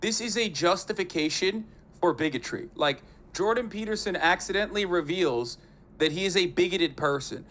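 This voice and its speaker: Animated sarcastic male streamer. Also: high voice, moderate pace. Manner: sarcastic, profane, laughing, animated. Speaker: live streamer. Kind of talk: casual reaction commentary.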